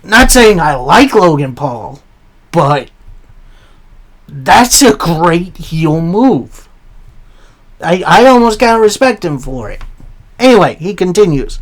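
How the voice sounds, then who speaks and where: Male podcast host, slow and easygoing pace, casual recap voice with chatty asides. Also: high-pitched, big pitch swings. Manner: plain storytelling with asides.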